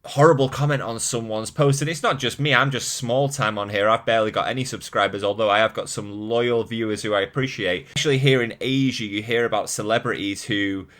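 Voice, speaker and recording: A man's voice: fairly low pitch, brisk, few pauses, a bit bright. A man with a mild Mancunian accent, a fitness YouTuber ranting candidly to camera, exasperated and swearing casually, laughing at himself. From Manchester, England.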